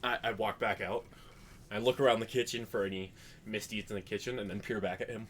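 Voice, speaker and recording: A man with a lowish voice plays his character in a tabletop game. He describes each action hesitantly and often restarts. A faint noise sits underneath. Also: steady tone, fairly quick, a bit bright. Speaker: player.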